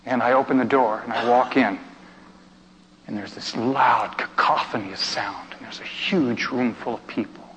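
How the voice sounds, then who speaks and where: A man preaching through a story, stammering and repeating himself, swinging between hushed and excited delivery. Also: mid-range voice, normal speed. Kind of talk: sermon storytelling. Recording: reverberant hall, dull muffled sound, faint noise.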